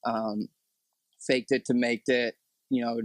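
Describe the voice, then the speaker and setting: Halting young man with a flat voice. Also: medium pitch, no echo, rough recording. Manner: halting, full of fillers and restarts. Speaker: podcast guest. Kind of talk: personal testimony in casual talk.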